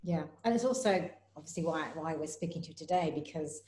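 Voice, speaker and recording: A woman hosting an interview, talking in a thoughtful, halting way and ending points with tag questions. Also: low-pitched, dark tone. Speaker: host, interviewer. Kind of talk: interview, casual chat. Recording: echoey room.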